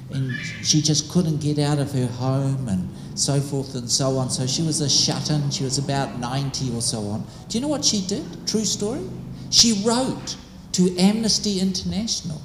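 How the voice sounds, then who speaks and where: Rambling man telling stories in an echoey hall. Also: on the high side. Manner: rambling, conversational, many asides. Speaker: speaker. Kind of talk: storytelling talk to a group. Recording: echoey hall, faint background noise.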